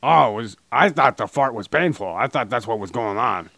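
A man's voice: medium pitch, expressive, moderate pace, a bit bright, no room sound. A man co-hosting a crude comedy podcast, rambling and joking, sometimes slipping into a mock advertiser voice. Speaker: podcast co-host.

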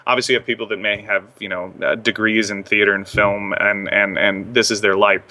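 Bright-voiced man, chatty accent coach. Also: fairly low pitch, little pitch movement, brisk, slight background noise. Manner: rambling with many fillers and restarts. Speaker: former theme park performer and accent trainer. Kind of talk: casual interview chat.

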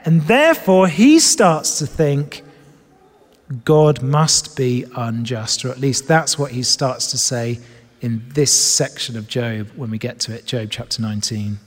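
A man preaching a sermon, swinging between loud emphatic lines and soft, low asides. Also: unhurried, in a large hall. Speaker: pastor. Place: church hall with screens.

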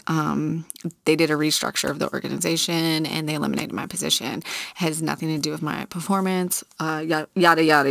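Low-voiced woman telling a candid story. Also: gravelly, no echo, clean studio sound. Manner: candid, chatty, with frequent fillers and swearing. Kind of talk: casual personal storytelling.

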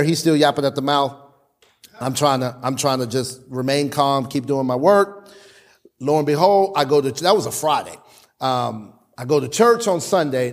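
A middle-aged man pastor preaching a sermon with dramatic pauses and call-and-response. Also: fairly high pitch.

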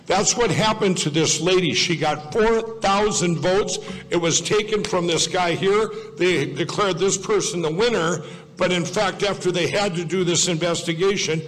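A man's voice: a little high, a bit bright. A man giving a rambling public speech to an audience, digressive and folksy, often correcting himself mid-sentence. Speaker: speaker at a political event. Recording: long reverb of a large hall.

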